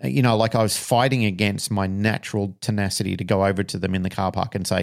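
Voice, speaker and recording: A man's voice: fairly low pitch, brisk, creaky. A man, a dog trainer co-hosting a podcast, telling a story frankly and emotionally, with some swearing.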